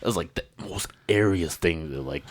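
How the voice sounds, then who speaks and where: A man, a podcast host and native Hmong speaker, telling a story in a casual, animated way, swearing often and keeping the listener hooked. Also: sits low, moderate pace. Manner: animated, profane, keeps saying "you know what I'm saying".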